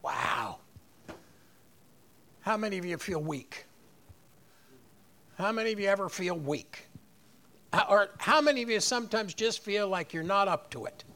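A man's voice: high voice, lively intonation, measured pace, long pauses, pushed and bright. A man preaching a sermon, rising on key phrases and leading the congregation in repeating lines. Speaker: pastor.

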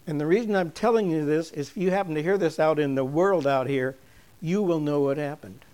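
An older man with a slightly high voice talks to a church gathering in a homespun, storytelling way. He chuckles between points and drops to a soft, slow delivery when he turns earnest. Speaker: church speaker giving an object lesson. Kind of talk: folksy object-lesson talk to a congregation.

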